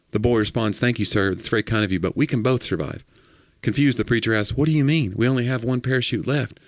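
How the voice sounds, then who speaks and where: A man co-hosting a podcast in casual comedic chat, telling jokes with animated delivery and acting out the voices in the quotes. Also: medium pitch, quick pace, hardly any pauses, no room sound, studio quality. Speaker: podcast co-host.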